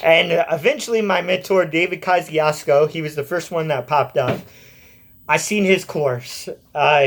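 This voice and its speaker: A man in his twenties telling his own story in a casual, blunt way, swearing freely. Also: a little high. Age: 20s. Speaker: vlogger.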